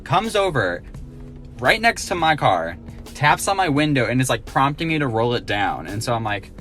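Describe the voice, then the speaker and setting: A man's voice: mid-range voice, big pitch swings, normal speed, a bit bright, soft background music. A man in a dramatic, wry casual story-time retelling.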